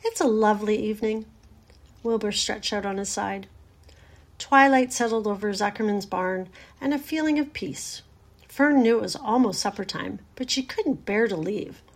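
A woman reading a children's storybook aloud in a gentle, measured way. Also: mid-range voice.

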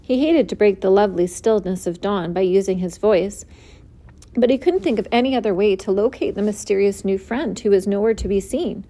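A woman reading a children's book aloud, expressive and clear. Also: medium pitch, fairly quick. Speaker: storyteller.

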